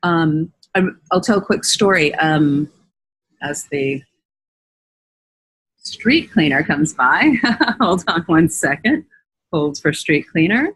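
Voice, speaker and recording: A woman's voice: sits low, lively intonation, slow pace, pauses often, fairly bright tone, breathy edge, poor audio. An American woman hosting a casual webinar Q&A as a voiceover coach, chatty and laughing easily as she tells stories. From United States.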